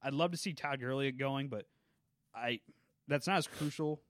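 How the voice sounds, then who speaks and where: Mid-pitched male podcast co-host, dry. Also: fairly bright tone, no echo. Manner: earnest, talks in quick bursts with fillers. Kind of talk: casual chat.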